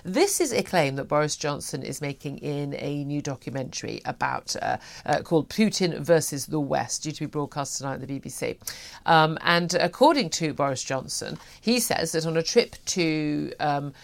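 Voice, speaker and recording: A woman's voice: low-pitched, lively intonation, moderate pace, gravelly. A woman hosting a morning radio talk show, chatty and opinionated, with many fillers. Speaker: radio host.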